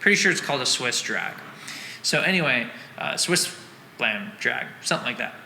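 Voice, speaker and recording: Speaking at a moderate pace, a man with a gravelly, animated, mid-range voice walks through drum rhythms, counting and singing each beat and regularly correcting himself. There's slight background noise, and the room is echoey with loud drumming going on.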